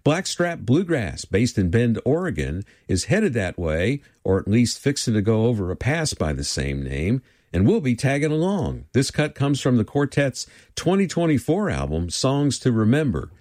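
A man's voice: mid-range voice, sing-song, moderate pace, few pauses, darkish tone. A man hosting a radio music show, introducing songs in a folksy, playful way. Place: radio studio.

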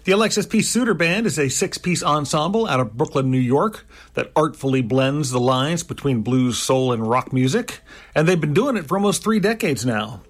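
A man hosting a blues radio show, introducing songs in a smooth, upbeat announcer style. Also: on the high side, animated, normal speed. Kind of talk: radio DJ presentation.

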